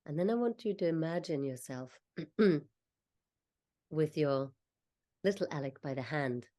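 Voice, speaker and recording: A woman coach leading a slow, soothing guided visualization, talking the listener through each step. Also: low voice, expressive, mellow. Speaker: confidence coach.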